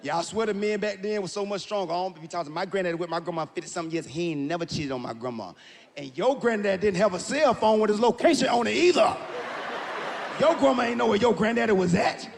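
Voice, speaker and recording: A man doing stand-up comedy, loud and animated, often shouting his punchlines. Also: high voice, quick pace, vocal fry. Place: large live venue with audience. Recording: reverberant hall, faint ambience.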